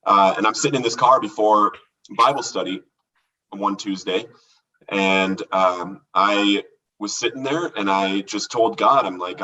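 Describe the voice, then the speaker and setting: Man, husky, bright tone, lower pitch, earnest halting testimony, set back from the mic. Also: far from the mic, dull audio. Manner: earnest, halting, with many fillers and restarts. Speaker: guest sharing his recovery story. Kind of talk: candid testimony in a podcast conversation.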